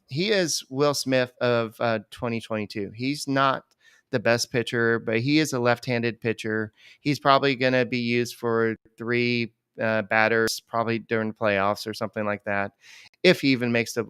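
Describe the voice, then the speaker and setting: A man co-hosting a baseball podcast, talking casually and rambling with many pauses. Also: medium pitch, a bit bright, clear, resonant tone, dry recording, studio quality. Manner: rambling, many fillers and restarts. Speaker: podcast co-host. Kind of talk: casual sports chat.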